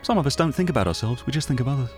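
An actor playing a gossipy, self-regarding British local radio host with a British accent, rambling from one aside to the next in a comedy radio monologue. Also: male voice, medium pitch, animated, racing, darkish tone, soft background music, lightly acted.

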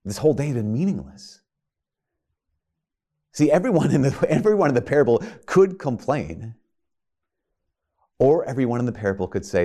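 A man's voice: medium pitch, lively intonation, normal speed, long pauses, dark tone. Guy preaching a homily, earnest, lots of rhetorical questions, restarts his sentences a bunch. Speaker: priest. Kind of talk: sermon.

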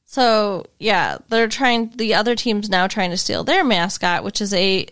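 A woman's voice: mid-range voice, unhurried, a bit bright. A woman co-hosting a podcast, chatting casually and wryly about a TV episode. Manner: conversational, wry, lots of fillers. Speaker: podcast co-host. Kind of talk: casual chat recapping a TV episode.

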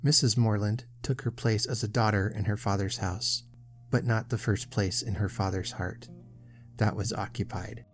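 A man giving a steady, measured scripted narration of a classic novel as an audiobook reader. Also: lowish voice, faint music behind.

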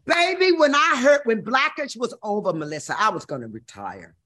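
A woman's voice: on the high side, big pitch swings, normal speed, a bit bright. A woman in her sixties from Missouri, telling her life story as an interview guest in a brassy, profane, dramatic way. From Missouri, USA. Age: 60s.

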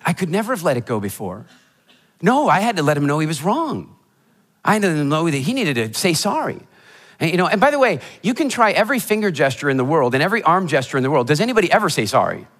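A motivational speaker telling funny stories in a keynote talk before a live audience, animated and acting out the voices of people in his stories. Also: a little high, quick pace. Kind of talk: humorous storytelling keynote talk. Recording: hall reverb of a live talk.

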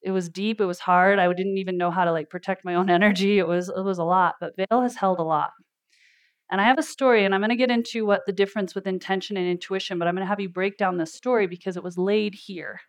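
A woman's voice: mid-range voice, fairly even intonation, fast. Lady coach talking to a room at a live event, chatty storyteller, laughs a lot. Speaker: life coach. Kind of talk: motivational talk at a live event.

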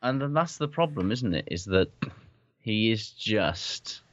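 A man's voice: lowish voice, expressive, measured pace. A man co-hosting a podcast, talking sport in a blunt, sweary, opinionated way. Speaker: podcast co-host. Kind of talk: casual sports chat. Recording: dull lo-fi dry recording.

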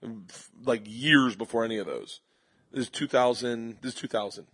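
Husky man telling stories. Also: mid-range voice. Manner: animated storyteller doing quick voices of others. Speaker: comedian guest. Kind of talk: storytelling interview. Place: live audience at a comedy festival.

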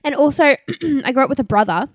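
A woman's voice: sits high, lively intonation, a little fast, no echo, clean studio sound. A young Australian woman co-hosting a podcast in an easygoing, casual chat, laughing often. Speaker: podcast co-host.

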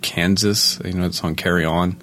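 Deep-voiced easygoing man. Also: steady tone, normal speed, fairly bright tone. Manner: easygoing, filler-heavy, laughs often. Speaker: podcast co-host. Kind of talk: casual chat.

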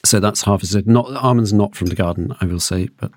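A man's voice: fairly low pitch, fairly quick, darkish tone, no echo. A man hosting a podcast in a studio, chatting casually with hesitant restarts and fillers. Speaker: podcast host.

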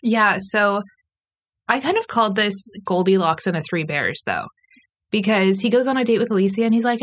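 A woman co-hosting a casual podcast, recapping at an average pitch. She talks in a chatty way, fills her sentences with "like," and briefly acts out the people she quotes. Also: brisk. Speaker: podcast co-host.

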